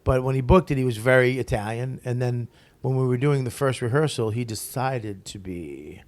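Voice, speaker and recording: A man with a medium-pitched voice speaks at a moderate pace as a comic guest in a casual interview. He tells stories with plenty of profanity and animatedly acts out what others said.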